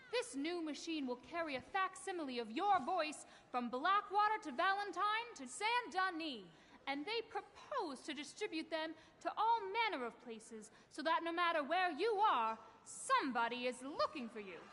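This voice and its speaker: High-voiced ragtime singer. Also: female voice, slight background noise. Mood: chatty. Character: ragtime saloon singer, young woman. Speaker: stage singer. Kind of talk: period stage song and patter. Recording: game audio with loud music.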